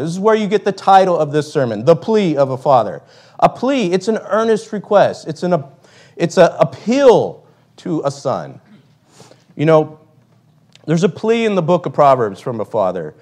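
A man's voice: fairly high pitch, a little mellow. A man preaching a sermon, emphatic, reading old-style scripture and often asking "right?".

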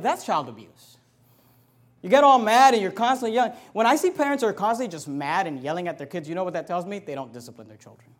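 A middle-aged man preaching a sermon, repeating scripture references and swinging from quiet to loud. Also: sits high. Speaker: pastor.

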